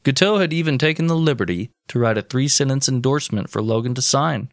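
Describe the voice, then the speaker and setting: A man's voice: medium pitch, fast, no echo, studio quality. A man co-hosting a podcast, telling a history story in casual chat, swearing freely. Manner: swearing, animated, deadpan jokes. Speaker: podcast co-host.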